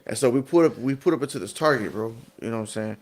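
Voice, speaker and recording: A man's voice: medium pitch, fast talker. A man from Texas, a podcast guest, telling a long profane story in casual streetwise talk, full of "you know what I'm saying". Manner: animated when acting out quoted people.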